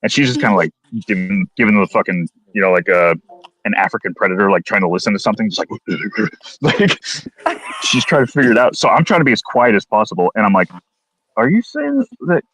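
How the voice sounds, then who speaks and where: Fast-talking man telling a crude story. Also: lowish voice, a bit bright, a little hiss or hum. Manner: crude, swears constantly, acts out quotes with voices. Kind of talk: casual storytelling chat.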